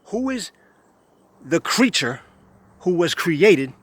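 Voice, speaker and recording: A man's voice: on the high side, big pitch swings, takes it slowly, slightly rough, dry recording. A man, delivering a scornful, repetitive monologue to camera. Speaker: vlogger.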